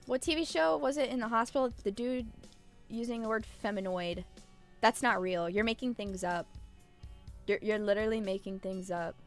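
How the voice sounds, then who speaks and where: A woman's voice: medium pitch, moderate pace, faint music behind. A woman streamer rambling in casual live-stream chat, irreverent and swearing freely.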